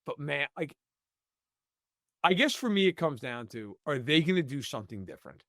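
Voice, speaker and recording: A man's voice: fairly high pitch, big pitch swings, moderate pace, fairly bright tone, no room sound, clean studio sound. A man giving blunt, opinionated football analysis in a casual podcast chat. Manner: emphatic, opinionated, many "like" fillers.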